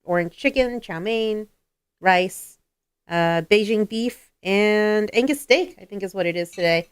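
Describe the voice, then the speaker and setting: A woman's voice: medium pitch, a little slow, clear, resonant tone, no echo. A woman co-hosting a game stream, chatting casually and upbeat into a desk microphone.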